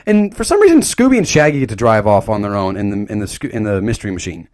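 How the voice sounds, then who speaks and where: A man's voice: lowish voice, sing-song, fast talker, darkish tone. A young man giving a casual, joking movie recap, rambling and stumbling over his words. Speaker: video creator recapping a movie.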